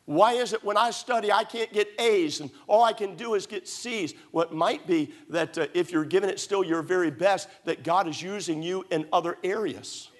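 Middle-aged preacher, fairly high voice, emphatic and repetitive, story-driven sermon delivery. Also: male voice, moderate pace, few pauses. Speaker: pastor.

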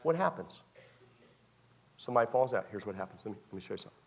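A man's voice: on the low side, expressive, fast talker, creaky, slightly rough. Man preaching in a repetitive, storytelling style. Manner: repetitive, conversational, acts out scenes. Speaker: pastor. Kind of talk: storytelling sermon to young people. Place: church.

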